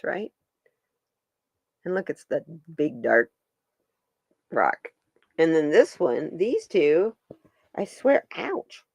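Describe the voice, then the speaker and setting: Slow-talking woman with a gravelly voice. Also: medium pitch, no room sound. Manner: chatty, talks to her pets and viewers. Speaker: live stream host. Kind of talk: casual chat reading stones and cards.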